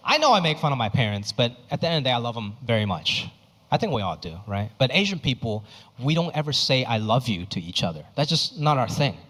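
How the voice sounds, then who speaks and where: A mid-range, fairly bright male voice with big pitch swings moves at a quick pace. He's doing stand-up on a comedy stage before a live audience, acting out the voices of his parents and others. The live hall carries long reverb and audience noise.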